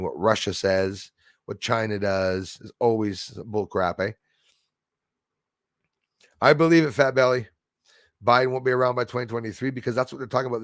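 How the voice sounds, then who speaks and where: Gravelly rambling man. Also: fairly low pitch, dry recording, studio quality. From Canada. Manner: rambling, indignant, reads viewer comments aloud. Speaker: livestream host reading chat. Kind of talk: casual chat.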